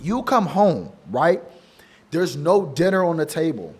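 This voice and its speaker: A man lecturing other men on relationships in a slightly high voice. He talks in casual slang and hammers points home by repeating them. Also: very animated, a little slow, a little mellow, husky. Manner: emphatic, preachy, repeats for stress; casual slang, addresses listener as bro. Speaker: men's dating coach. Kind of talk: monologue advice to men.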